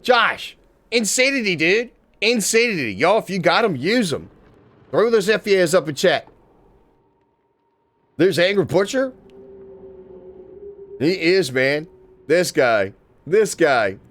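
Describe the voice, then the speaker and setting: An excitable man chats with his live-stream audience in a loose, swearing, unscripted way, bursting into shouts when something surprises him. His voice sits a little high for a man. Faint music plays underneath. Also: takes it slowly, long pauses. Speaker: livestreamer. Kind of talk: casual live-stream chat.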